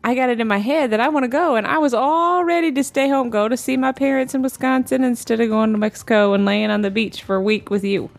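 A woman's voice: a little high, quick pace, gravelly, hardly any pauses. Chatty, playfully exasperated woman co-host. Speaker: radio show co-host. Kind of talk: casual banter with her husband.

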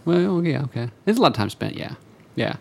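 A man co-hosting a casual podcast chat, talking in halting starts and repeated words. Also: mid-range voice, very animated, vocal fry.

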